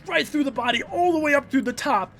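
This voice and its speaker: A man's voice: very high voice, lively intonation, fast talker, a bit bright. A man reading a comic aloud in a loose, casual way, breaking off to comment, swear and laugh. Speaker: manga read-along host.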